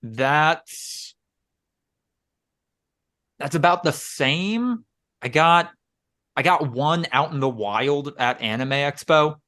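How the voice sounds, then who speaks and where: A man's voice: a little high, expressive, slow, pauses often, sharp tone. A man in his late twenties, co-hosting a podcast in casual, joking banter with friends. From Wisconsin, US. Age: 20s. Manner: joking, rambling, restarts a lot. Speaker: podcast co-host. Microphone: podcast microphone.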